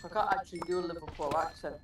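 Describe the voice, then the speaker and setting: An English man in relaxed, rambling livestream chat. His voice comes from well off the mic in a roomy space. Steady hiss sits underneath. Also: fairly high pitch, very fast. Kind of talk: casual chat. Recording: roomy, distant, noisy mic.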